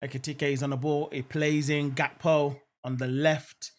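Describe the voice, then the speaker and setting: Brief: young male streamer, slightly higher voice, rambling live match chat, bursts of excitement. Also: moderate pace. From England. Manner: casual, repeats phrases, lots of "um" and "I'm not gonna lie"; jumps to excited exclamations at near-misses. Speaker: live match watchalong host. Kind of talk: live football commentary and chat reading viewer comments.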